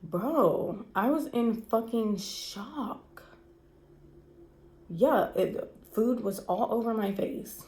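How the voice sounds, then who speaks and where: A woman's voice: fairly high pitch, animated, drawn-out words, darkish tone. Shaky, stressed woman in a roomy echo. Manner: candid, repetitive, swearing, emotional. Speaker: vlogger. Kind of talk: personal storytime vlog. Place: cold room indoors.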